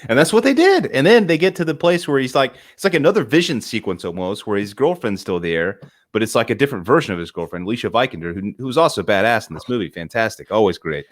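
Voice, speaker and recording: A man co-hosting a casual film talk podcast, excitable and profane, laughing as he retells scenes. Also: mid-range voice, fast talker. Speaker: podcast co-host.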